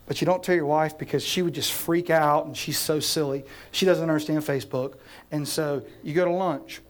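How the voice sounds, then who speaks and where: A man preaching a sermon as pastor, telling a story in an animated way, acting out scenes and speaking straight to his listeners. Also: on the high side, moderate pace.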